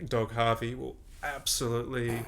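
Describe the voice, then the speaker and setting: Gravelly-voiced man chatting. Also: medium pitch, normal speed, a little hiss or hum. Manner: relaxed, laughs often, explains with examples. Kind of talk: casual conversation.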